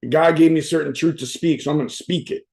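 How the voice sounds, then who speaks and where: A man speaking at a virtual summit over a video call, blunt and salty, cursing freely as he tells stories and fires questions at his audience. His voice sits high for a man but sounds soft and mellow. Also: fairly even intonation, fast talker, vocal fry. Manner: blunt, profane, conversational. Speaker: motivational speaker. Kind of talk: motivational talk.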